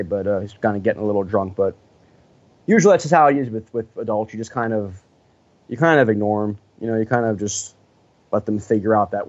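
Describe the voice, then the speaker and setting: This sports mascot has a fairly low male voice and a quick pace, recorded dry on dull lo-fi audio. Chatting in a casual interview, he recounts stories with plenty of fillers, laughter, and wandering.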